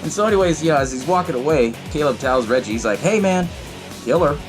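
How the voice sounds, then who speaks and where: A man hosting a podcast, casually recapping a film in a profane, animated way and acting out the characters' lines. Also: medium pitch, fast, over music. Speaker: podcast host.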